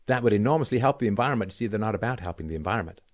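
A middle-aged man hosting his own show, delivering a sarcastic, emphatic solo commentary that swings between loud and quiet. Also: lowish voice, animated, rapid-fire. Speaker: show host. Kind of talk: solo political commentary rant.

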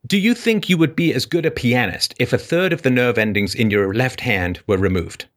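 A male call-in show host debating a caller, lecturing forcefully, cutting in and jumping up in pitch to stress his points. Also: animated, normal speed.

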